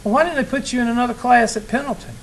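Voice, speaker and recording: A man's voice: very high-pitched, very fast, vocal fry, slight background noise, poor audio. A man, a college instructor talking casually and teasing his class in a classroom. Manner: folksy, teasing storyteller.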